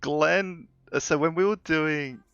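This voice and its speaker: A man's voice: on the high side, slow, gravelly, a bit bright, clean tone, no room sound, dull audio. A man chatting casually while live coding, rambling with fillers and laughing often. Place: home office.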